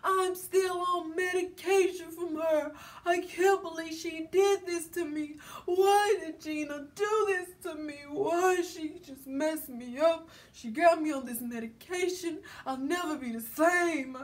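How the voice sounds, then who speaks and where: A woman voicing a distraught, drunk young man who rambles slowly and weeps between laughs. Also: very high voice, distant mic, pitched above the performer's own voice. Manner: slurred slow wailing, half laughing, half crying.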